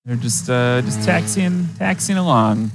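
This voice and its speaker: A man's voice: medium pitch, animated, a little slow, music in the background. A man from Wisconsin giving chatty, enthusiastic live commentary at an aviation competition, with folksy asides. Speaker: event commentator.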